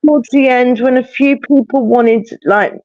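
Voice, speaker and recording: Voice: high-pitched, fairly even intonation, moderate pace, no echo. Chatty host on a dull, dry call line. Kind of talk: casual chat. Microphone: video call.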